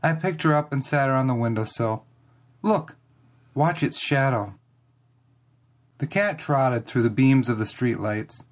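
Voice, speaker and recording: A reader narrating a first-person children's chapter book, expressive and dramatic. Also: medium pitch, normal speed, few pauses. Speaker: audiobook reader.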